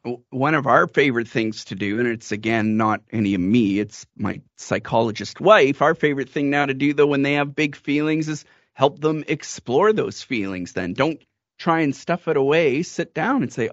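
A man's voice: medium pitch, expressive, moderate pace, dry recording. Male host, supportive, conversational, dry and slightly dull close mic. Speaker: podcast host. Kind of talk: casual interview chat. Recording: dry, muffled close recording.

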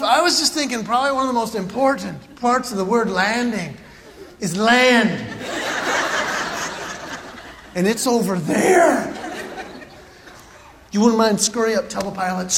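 A man's voice: high-pitched, normal speed. A man telling a humorous personal story to an audience, animatedly acting out his own panic. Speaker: speaker. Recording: hall reverb, faint background noise.

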